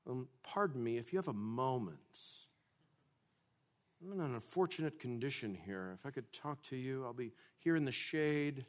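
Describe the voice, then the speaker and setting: A man voicing a polite beggar who asks for help softly and apologetically. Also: mid-range voice, animated, normal speed, lightly acted. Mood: meek. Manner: apologetic, hushed. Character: meek polite male beggar asking for help.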